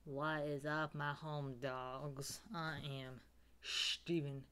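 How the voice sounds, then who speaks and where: A woman's voice: low-pitched, little pitch movement, a bit bright, clear, resonant tone. A woman playing a goofy young male student who laughs at his own jokes. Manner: slow, dragging, self-amused. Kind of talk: comedy sketch character.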